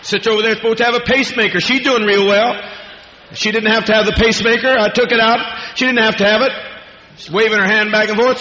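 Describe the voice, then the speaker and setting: A man's voice: high voice, steady tone, fast talker, sharp tone, a little hiss or hum. A man preaching a fiery, profane, rambling sermon to a congregation in a large hall. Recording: echoey hall, dull lo-fi archival tape.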